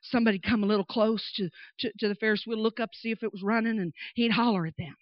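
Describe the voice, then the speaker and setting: A woman preaching through a lively personal story, with emphatic, animated delivery. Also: a little high, fast, no echo. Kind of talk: storytelling sermon. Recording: dull dry recording.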